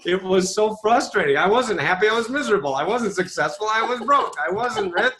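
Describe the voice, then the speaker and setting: A middle-aged man with a high voice tells his story to an interviewer. His pitch leaps up and down, and he drives his points home with emphatic rhetorical questions. He sounds like a speaker used to holding a room. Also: expressive, a little fast, hardly any pauses, sharp tone. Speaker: interview guest, author and speaker. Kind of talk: animated storytelling.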